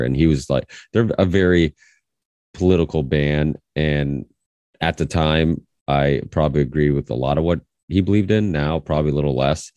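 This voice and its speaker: A podcast host with an extremely low, deep voice tells stories in a loose, rambling way, often restarting his sentences. He sounds close to the mic, with a dry, dead recording. He is a man in his thirties. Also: no room sound, muffled recording. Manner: rambling, animated storytelling with many restarts. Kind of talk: casual conversation.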